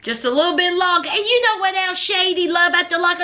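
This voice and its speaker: A woman's voice: very high voice, a little fast. A woman recapping a reality TV show in casual, chatty commentary, gushing and acting out what people said. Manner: animated storyteller who acts out quotes; chatty and gushing, with many fillers.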